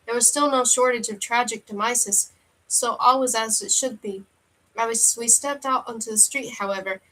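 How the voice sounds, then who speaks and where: A woman reading a novel aloud in first person, steady with the odd slip and restart. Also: on the high side, low-quality recording. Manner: steady first-person narration with occasional slips. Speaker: audiobook reader.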